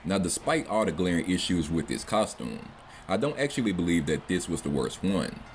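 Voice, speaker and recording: A man's voice: deep voice, expressive, normal speed, slight background noise. A man narrating a scripted commentary video in a dry, critical tone. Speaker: documentary narrator.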